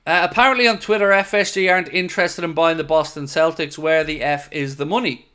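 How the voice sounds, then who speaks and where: A man's voice: on the high side, fairly even intonation, fairly quick, bright, forceful tone, smooth. A man hosting a live fan stream, reading viewer messages and answering them in a frustrated, emphatic way, swearing now and then. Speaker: fan channel host.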